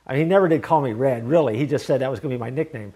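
A man's voice: mid-range voice, racing, dark tone, husky. A man preaching a sermon in an earnest, conversational way, telling a personal story with many restarts. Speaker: pastor.

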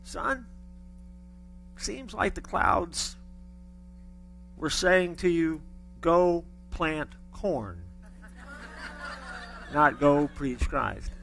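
A man acting out an older church deacon who gently teases a young preacher in slow, dry understatement. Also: a little high, animated, vocal fry, faint music behind, pitched below the performer's own voice, exaggerated voice. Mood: wry.

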